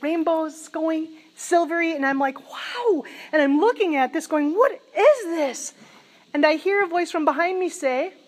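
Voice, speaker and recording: A middle-aged woman preacher gives a sermon in a high, bright voice. She tells her story with animated energy, laughing along the way, as if sharing an excited testimony with her congregation.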